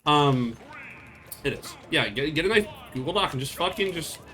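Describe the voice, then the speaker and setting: A man's voice: fairly high pitch, lively intonation, normal speed, bright, forceful tone, faint music behind. A young man streaming, chatting casually with viewers in a blunt, profane, rambling way.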